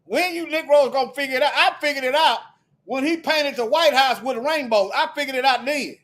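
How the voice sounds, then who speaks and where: Guy with a really high, sharp voice going off at his viewers, preachy, question after question. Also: brisk. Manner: preachy, hammering rhetorical questions, repetitive; sometimes shouting. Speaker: video commentator. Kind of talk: heated monologue to viewers.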